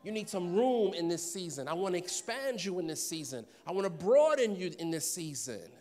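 A man's voice: high-pitched, sing-song, a little fast, a little mellow. A man preaching a sermon, telling stories, acting out voices and laughing often. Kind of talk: sermon with storytelling.

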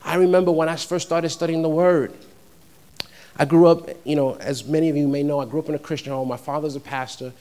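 Young man, pastor from New York, preaching in a talky way that builds to loud, ringing peaks; voice sits a bit high. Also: fairly even intonation, a little fast. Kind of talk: sermon.

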